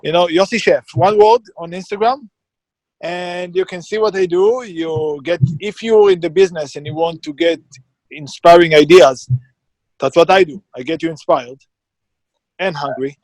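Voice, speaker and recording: High-voiced blunt man, dry sound. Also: normal speed, darkish tone, no room sound. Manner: emphatic, blunt, self-described perfectionist. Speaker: catering business owner, interview guest. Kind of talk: casual interview conversation.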